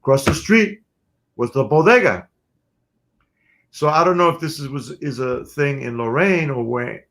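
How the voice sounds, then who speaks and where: A man, a guest musician telling stories in an interview, animated and quick to laugh. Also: medium pitch, gravelly. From New York City. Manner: animated storyteller who laughs often. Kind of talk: storytelling in an interview.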